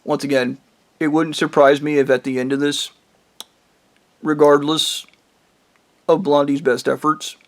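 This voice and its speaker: A man's voice: fairly high pitch, level tone, unhurried, pauses often. A man giving an angry, profane monologue to his viewers. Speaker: vlogger.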